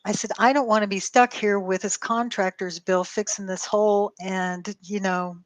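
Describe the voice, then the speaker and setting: A woman talks through a long personal story, acting out both sides of every exchange in her own voice. She swears freely and keeps a casual, animated tone. The sound is dry and close, with no room echo. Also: mid-range voice, moderate pace. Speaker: co-host telling a story.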